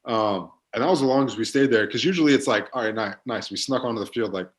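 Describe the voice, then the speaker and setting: A man's voice: on the low side, fast talker. A young man in his twenties, a football player guest on a podcast, telling stories in a laid-back way with lots of fillers. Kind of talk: casual podcast chat.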